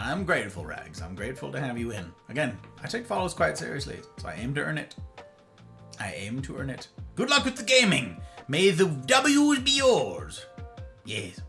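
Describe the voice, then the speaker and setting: A man's voice: sits high, sharp tone. A man hosting a livestream, chatting casually and reading and answering his viewers' messages aloud. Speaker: livestream host.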